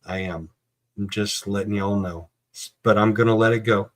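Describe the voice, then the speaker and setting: A man's voice: fairly low pitch, fairly even intonation, moderate pace. A man hosting a casual true crime talk show, ranting heatedly and swearing, then apologizing. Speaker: true crime podcast host. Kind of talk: casual chat.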